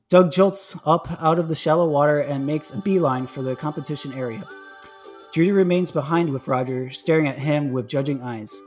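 A man's voice: on the high side, normal speed, soft background music. A man hosting a podcast, narrating a comic fan story in a playful, laughing, casual way.

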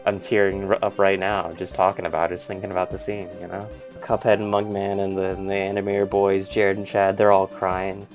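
Rambling low-voiced male podcast host. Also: little pitch movement, fairly quick, faint music behind. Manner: rambling, voices characters in quotes. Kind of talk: comedic movie pitch recap.

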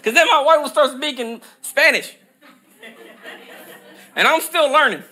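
Bright high-voiced male preacher. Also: a little slow. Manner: emphatic, repetitive preaching cadence; rises to shouted peaks on scripture. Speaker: pastor. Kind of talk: sermon.

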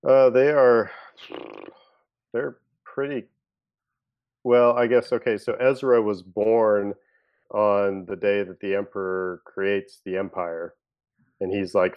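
Low voiced guy chatting on a podcast, lots of ums and you knows. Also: highs cut off. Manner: chatty, fillers, musing aloud. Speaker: podcast co-host. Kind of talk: casual chat.

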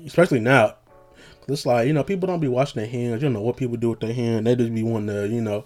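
A young man rambles through a casual monologue, cracking jokes and leaning on slang and filler phrases. His pitch sits in an ordinary middle range, with faint music running underneath. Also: fairly quick, pauses often.

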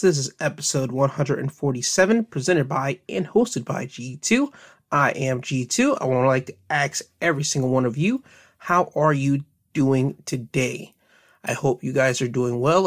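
Male podcast host, somewhat high-pitched, easygoing solo chat straight to listeners, loose and rambling with fillers and quick self-corrections. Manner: chatty and friendly, addressing listeners directly with advice. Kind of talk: casual solo podcast monologue.

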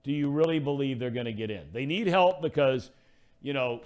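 An American man hosting a casual sports talk show, joking and excitable, with frequent restarts. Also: mid-range voice, brisk. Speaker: sports radio host.

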